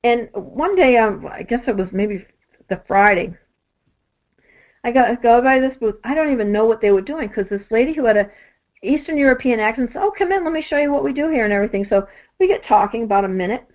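A woman's voice: on the high side, brisk. A woman who does energy work, telling long rambling stories in a casual chat, full of fillers and restarts. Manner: rambling, many "you know" fillers and restarts. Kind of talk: casual storytelling monologue. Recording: tinny phone-like audio.

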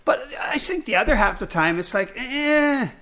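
Bright-voiced man rambling in podcast chat. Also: sits high, a little fast. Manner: animated, rambling with many restarts and fillers. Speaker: podcast co-host. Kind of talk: casual chat.

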